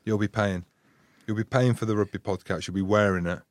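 In a studio with no room sound, a former rugby player hosts his rugby podcast, laughing often and teasing boisterously in banter-heavy casual chat. His voice sits lowish, with a steady tone and a brisk delivery.

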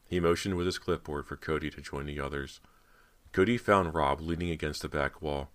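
A man narrating a horror audiobook in a steady, measured storytelling manner. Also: a bass voice.

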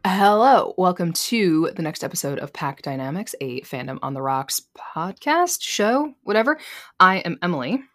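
A woman's voice: on the low side, sing-song, normal speed, a bit bright, no room sound. A woman co-hosting a fan podcast in casual, rambling chat, joking and self-deprecating. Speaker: podcast co-host. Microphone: plugged into a laptop.

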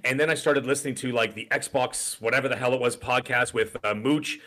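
With a mid-range, slightly bright voice at a fairly quick pace, this middle-aged podcast co-host rambles through a long story in casual conversation, dropping in lots of fillers and asides.

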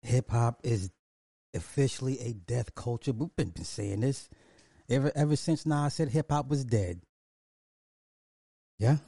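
A man hosts a casual commentary stream, drawing his words out slowly and repeating points for emphasis. His voice is dark and mellow. It is recorded dry, close to the mic. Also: mid-range voice, husky, no room sound. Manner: drawling, repetitive, emphatic, chuckles often. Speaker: commentary show host.

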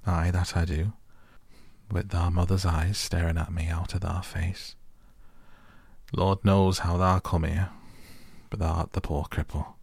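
A man voicing a hoarse, shaky old gardener with an in a storybook reading. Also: low-pitched, flat delivery, a little slow, long pauses, darkish tone, no echo, exaggerated voice. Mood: stunned. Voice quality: hoarse, quavering.

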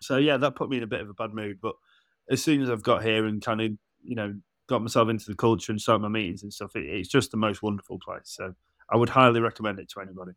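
A man's voice: on the low side, fairly even intonation, fast, fairly bright tone, no echo, clean studio sound. Chatty English man in his forties. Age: 40s. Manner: chatty storyteller, laughs and acts out dialogue. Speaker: podcast co-host. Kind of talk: casual podcast chat.

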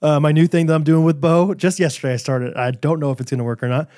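Man co-hosting a podcast, casual, animated storyteller, fairly high voice, dry close sound. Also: no echo. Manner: animated storytelling with quick asides. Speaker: podcast co-host. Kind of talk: casual chat.

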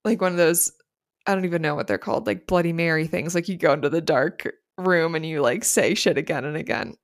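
A young woman with a lowish voice co-hosts a casual podcast, reading listener stories and reacting quickly in relaxed chat. She talks freely, with a swear here and there. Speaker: podcast co-host.

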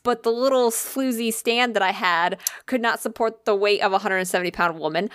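A woman telling a story in casual chat, animated and profane, acting out what people said. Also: medium pitch, a little fast, clean tone, no room sound, studio quality.

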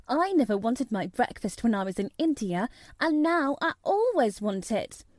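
A woman voicing a serious, earnest young girl who talks in a hushed, intent way. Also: a little high, big pitch swings, moderate pace, dry recording, clean studio sound.

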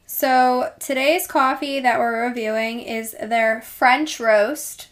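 A woman's voice: on the high side, fairly even intonation, slow pace. A woman with a New Jersey accent co-hosting a podcast in casual chat, bubbly and agreeable. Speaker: podcast co-host.

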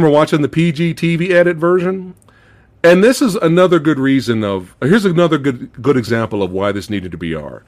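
A male podcast host chatting casually about a movie, animated, swearing freely, laughing often and acting out movie lines. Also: mid-range voice. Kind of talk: casual movie review chat.

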